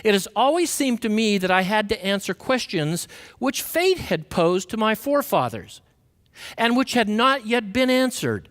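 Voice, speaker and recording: A man giving a conversational Sunday sermon, asking the congregation questions and acting out quoted voices with big swings in pitch. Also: big pitch swings, normal speed, a bit bright. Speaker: minister giving a Sunday talk. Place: church sanctuary. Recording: long reverb of a worship hall.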